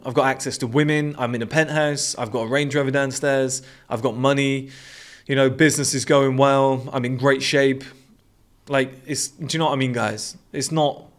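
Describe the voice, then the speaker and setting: A young British man in a blunt, aggressive casual monologue, swearing freely as host. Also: mid-range voice.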